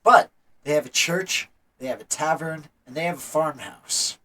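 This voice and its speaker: A man's voice: fairly high pitch, lively intonation, normal speed, bright, forceful tone, poor audio. A man narrating as game master, playful, with joking asides.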